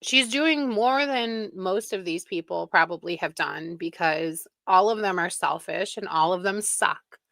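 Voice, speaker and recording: A woman's voice: fairly low pitch, unhurried, gravelly, few pauses, fairly bright tone, no echo. A woman hosting a live stream, chatting casually and with exasperation, laughing often, close to the microphone. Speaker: livestream reaction host.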